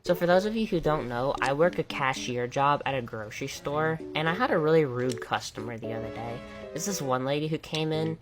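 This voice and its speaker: A young woman with a very low voice tells retail job stories in a dry, sarcastic way. She keeps her delivery deadpan. Music plays clearly under her voice. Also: fairly quick, few pauses. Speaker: vlogger. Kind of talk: storytime vlog.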